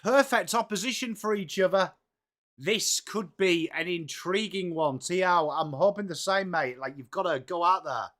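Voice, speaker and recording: An English man hosts a live football watchalong stream in a high, fairly bright voice at a moderate pace. He chats casually and upbeat, greeting viewers by name.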